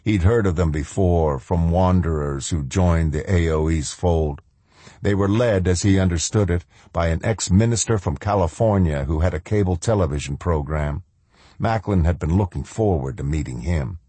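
A man narrating a story in a measured, grave storytelling manner. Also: low voice, dark tone, breathy edge, dry recording. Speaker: audiobook narrator. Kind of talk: scripted narration.

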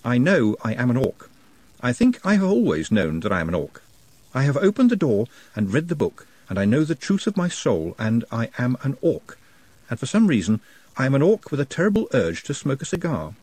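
A man with a husky voice voicing a young male orc who speaks in a calm, precise, overly polite and formal way. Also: medium pitch, dry recording, voice pushed up. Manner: precise, formal, quietly measured.

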